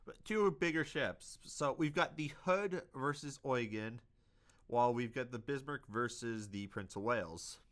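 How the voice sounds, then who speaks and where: A man's voice: medium pitch, animated, unhurried, a bit bright. A young man hosting a casual history video, hesitant, with many fillers and self-corrections.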